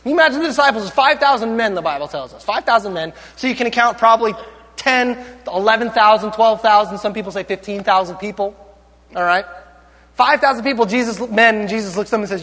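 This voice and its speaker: A male pastor with a very high, light voice delivers a sermon, tossing playful, joking asides to his congregation. His words ring out with the long reverb of a large church hall. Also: fast, pushed and bright.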